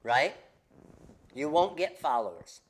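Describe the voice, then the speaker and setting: A man hosting a casual craft business livestream, coaching viewers in an animated, emphatic way and repeating his key points. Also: mid-range voice, takes it slowly.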